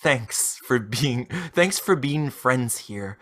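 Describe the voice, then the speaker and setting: A man's voice: mid-range voice, slow pace. A man reading out messages from a female romance-scam bot in a stilted, sugary way. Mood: saccharine. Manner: flat read-aloud of stilted messages.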